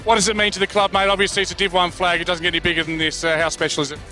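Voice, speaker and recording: An Australian man with a high, bright voice, interviewing a player on the sideline after the match. He talks fast with jokey, upbeat banter. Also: little pitch movement, faint music behind.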